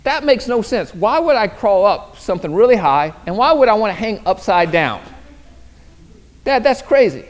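Pastor, male, high voice, storytelling sermon, repeats words at phrase starts, shifts between loud and quiet. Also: very animated, normal speed. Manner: storytelling, swings between loud bursts and hushed lines.

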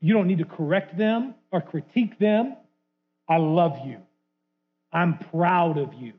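A man preaching as a guest in church, his voice a touch high and husky. He acts out quotations loudly, then drops to hushed, quiet lines. The sound is thin and narrow, like a phone line. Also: lively intonation, moderate pace. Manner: dramatic, acting out quotes with big swings from loud to hushed. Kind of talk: sermon.

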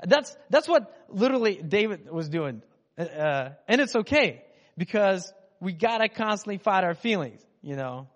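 A man's voice: high voice, big pitch swings, moderate pace. A man preaching a casual, joking sermon as a pastor, talking in a loose conversational way. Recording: muffled in a reverberant hall.

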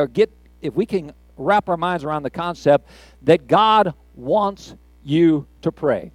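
Older man, grandfatherly preacher, slightly high voice, dry close sound, chatty sermon with restarts. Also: darkish tone, no echo. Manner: conversational, folksy, with halting restarts.

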